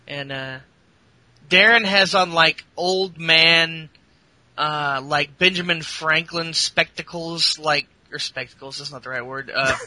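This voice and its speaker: A man's voice: a little high, bright, forceful tone, no room sound, low-quality recording. A man hosting a podcast, rambling through a casual recap with lots of fillers and crude jokes. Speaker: podcast host. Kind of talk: casual wrestling recap chat.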